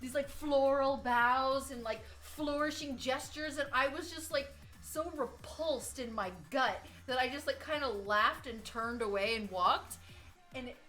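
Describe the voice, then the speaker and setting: An American woman chatting casually on a live stream, telling rambling, animated stories. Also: sits high, unhurried, faint music behind. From United States. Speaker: streaming artist.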